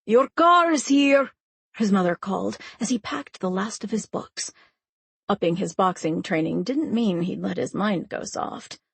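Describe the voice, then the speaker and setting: A woman narrating a romance audiobook in a measured, scripted style. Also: mid-range voice, vocal fry, breathy edge, no room sound.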